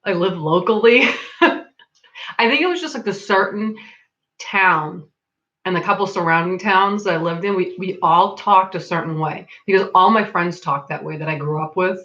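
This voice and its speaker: A woman hosts a casual livestream, reading out comments with frequent laughter and plenty of "like." She's from Massachusetts, with a local accent between Boston and Rhode Island. Her lowish voice has a sharp tone at normal speed, and the recording is muffled.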